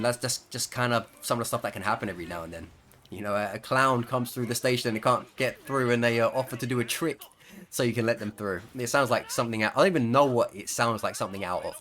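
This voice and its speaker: A man's voice: medium pitch, a bit bright. A man telling a casual, chuckling anecdote over gameplay, full of fillers and asides. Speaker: gaming video creator. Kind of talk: storytelling over gameplay commentary.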